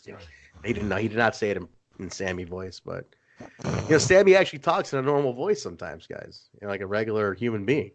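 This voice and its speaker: A man's voice: on the low side, big pitch swings, fast, a little hiss or hum. A man co-hosting a casual wrestling podcast, rambling and joking as he tells stories. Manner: rambling, jokey storytelling. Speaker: podcast co-host. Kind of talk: casual chat.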